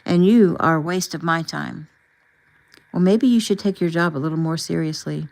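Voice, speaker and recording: A man's voice: fairly high pitch, moderate pace, gravelly, poor audio. A woman narrator voicing a creepy, smug male stalker with a sneering manner.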